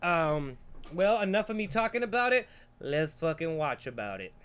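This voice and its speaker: A man's voice: fairly high pitch, very animated, moderate pace, a bit bright, clean tone. Profane, rambling podcast host man. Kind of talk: casual trailer reaction and movie review.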